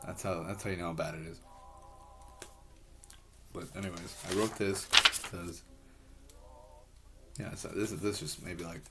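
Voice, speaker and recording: A man in a rambling personal monologue, halting and frustrated, swearing heavily as he talks. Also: sits low, fairly even intonation, very noisy.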